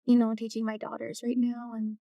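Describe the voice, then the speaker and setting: Woman, knowledge keeper, gravelly voice, soft-spoken, distant dry mic. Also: a little high, completely flat delivery, a little fast, no echo. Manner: soft-spoken, searching for words. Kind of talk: casual interview talk.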